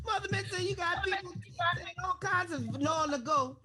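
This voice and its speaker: A woman emceeing an online storytelling concert, exuberant and fast, hyping up the audience. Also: very high-pitched, pushed and bright, faint music behind. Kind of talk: energetic event hosting.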